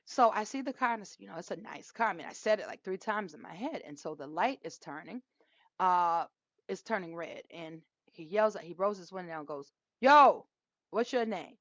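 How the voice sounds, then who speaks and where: A middle-aged woman co-hosting a podcast, telling a story in a casual, animated way and laughing often. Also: fairly low pitch, fairly quick, no room sound. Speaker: podcast co-host. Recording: dull lo-fi dry sound.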